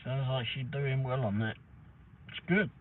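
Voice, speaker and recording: A man with a medium-pitched voice hosts a livestream, chatting at a moderate pace in a casual, rambling way with a bit of mild swearing. His audio sounds tinny and phone-like, as if from a distance, with faint noise.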